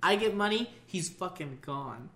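A man's voice: high-pitched, unhurried. A young man casually telling a long story, swearing and laughing a lot. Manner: profane, laughs often, animated.

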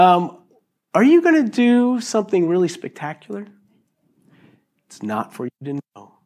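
A middle-aged man preaching a sermon in an animated, jokey way, acting out little voices as he goes. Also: sits high, normal speed, long pauses. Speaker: pastor.

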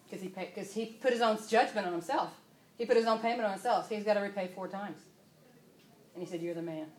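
A woman leading an informal Bible study, emotional, moving between soft asides and loud exclamations. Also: lowish voice, roomy sound, slight background noise.

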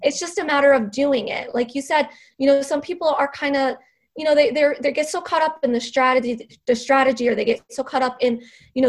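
High-voiced, encouraging woman teacher. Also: brisk. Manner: earnest, encouraging, self-correcting. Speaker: teacher and coach, podcast guest. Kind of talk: casual interview chat.

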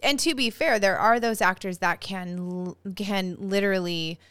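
A woman's voice: medium pitch, moderate pace, fairly bright tone, clear, resonant tone, no echo, studio quality. A woman co-hosting a podcast, chatting casually, teasing and laughing often. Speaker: podcast co-host. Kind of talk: casual chat.

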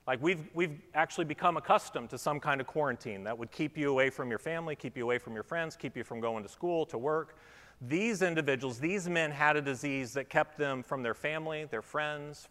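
A man's voice: a little high, a bit bright. A man preaching a sermon from a church stage, chatting playfully with children before reading scripture and reflecting. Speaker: pastor. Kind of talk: sermon with children's object lesson. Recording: long hall reverb.

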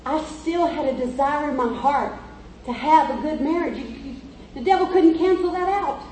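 A woman preacher with a high, mellow voice gives an emphatic, narrative sermon at normal speed. The sound is distant and echoey, with faint noise in the church.

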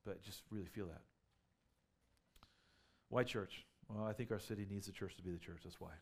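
A man's voice: lowish voice, fairly even intonation, moderate pace, darkish tone, breathy edge. A man preaching a sermon as a pastor, conversational and full of rhetorical questions, building up to emphatic peaks.

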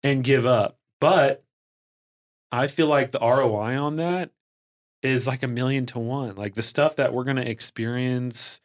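A man talking as a podcast guest in a casual, energetic way, full of fillers and restarts. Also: medium pitch, a little slow. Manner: energetic and excitable, heavy use of "like" and fillers. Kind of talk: casual conversational storytelling.

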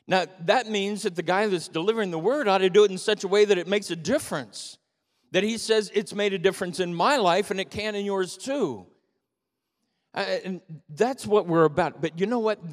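An older man preaching a sermon as pastor, telling stories with animated emphasis. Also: sits high, moderate pace. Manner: animated storytelling, rising to emphatic peaks. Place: church sanctuary. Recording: long reverb of a church hall.

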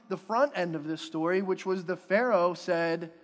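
A man from Pennsylvania preaching a sermon, animated and quizzing the congregation, swinging from soft to loud. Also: high voice, moderate pace, hardly any pauses. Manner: animated, rising and falling in loudness, asks the congregation questions. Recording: long hall reverb.

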